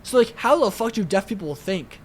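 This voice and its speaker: A man's voice: high voice, animated, normal speed, a little hiss or hum. A young man with a New York accent, chatting casually as a podcast co-host, rambling and swearing with lots of filler words. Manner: rambling, profane, heavy use of "like".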